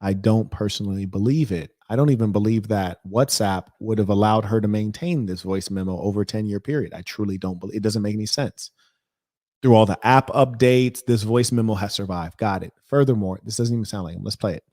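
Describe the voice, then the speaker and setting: A man's voice: on the low side, fairly quick, dark tone, no room sound, clean studio sound. A man hosting a reaction video, speaking in an indignant, rambling and emphatic way. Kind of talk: reaction commentary.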